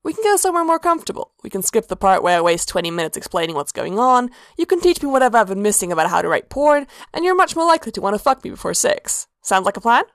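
A woman voicing a smug, carefree male demon prince of indulgence in a breezy, teasing tone, pitched well above her narrating voice, in a storybook reading. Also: sing-song, fast, few pauses, no room sound, clean studio sound.

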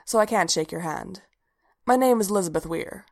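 A woman voicing a composed, gently mysterious woman leader who speaks in a calm, measured and quietly firm way, in a storybook reading. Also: lowish voice, creaky.

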